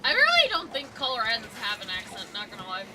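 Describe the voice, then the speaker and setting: A woman's voice: on the high side, huge pitch swings, fast, sharp tone, a little hiss or hum. A woman streamer chatting casually while gaming, talking in a loose, filler-heavy way.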